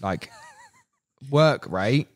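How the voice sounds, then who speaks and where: A man's voice: mid-range voice, drawn-out words. A young man, a podcast guest, telling stories in casual slang and acting out what people said. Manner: animated, slangy, acts out quotes. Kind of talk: casual storytelling.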